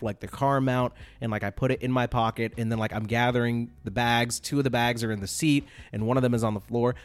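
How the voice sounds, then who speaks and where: A man hosting a podcast, telling a casual story in a rambling, animated way, full of fillers and checks like "all right?". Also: medium pitch. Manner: animated, exaggerated retelling. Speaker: podcast host.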